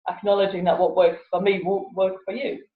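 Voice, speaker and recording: A woman's voice: mid-range voice, little pitch movement, a little fast. A woman, a guest in a casual interview chat who laughs often and acts out voices animatedly. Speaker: guest, laughter yoga teacher. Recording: echoey, phone-like lo-fi audio.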